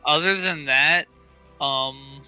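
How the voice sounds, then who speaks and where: A man's voice: medium pitch, faint music behind, low-quality recording. A man co-hosting a gaming podcast, talking casually with lots of fillers and restarts. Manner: animated, halting with many fillers. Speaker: podcast co-host. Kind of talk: casual chat.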